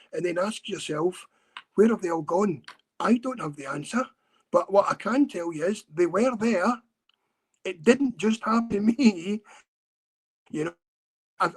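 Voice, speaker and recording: A man from Scotland, a guest on a podcast interview, telling his story earnestly with many halting repeats and restarts. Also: high-pitched, breathy edge.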